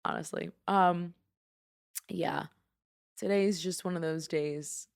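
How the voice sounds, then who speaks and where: A woman's voice: fairly low pitch, takes it slowly, vocal fry, clean tone. A young woman from New York with a New York accent, hosting a casual solo podcast and rambling in an opinionated way, full of "like". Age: young adult. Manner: rambling, lots of "like", animated and opinionated. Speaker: podcast host.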